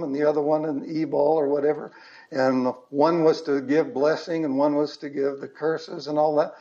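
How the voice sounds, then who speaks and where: A man preaching a sermon as pastor, slow and earnest with emphatic stresses. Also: a little high, a little mellow, dull audio.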